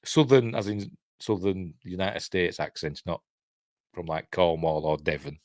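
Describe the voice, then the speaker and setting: A man's voice: low voice, fairly even intonation, a little slow, darkish tone, dry recording, clean studio sound. A middle-aged man with a Yorkshire accent, hosting a live news stream in rambling, self-correcting casual commentary. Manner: rambling, self-correcting, chuckles at his own jokes.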